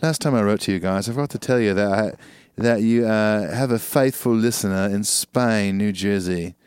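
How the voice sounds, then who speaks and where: A man's voice: fairly low pitch, moderate pace, darkish tone, smooth, dry recording, clean studio sound, close to an everyday voice. A man reading a fan letter aloud in a put-on British accent.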